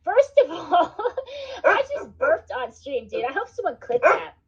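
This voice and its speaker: A woman's voice: sits high, sing-song, a little slow, a bit bright. Rambling, swearing woman livestreamer. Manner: rambling, swears a lot, says "like" and "dude". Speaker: livestream host. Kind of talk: casual livestream chat. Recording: dull lo-fi stream audio.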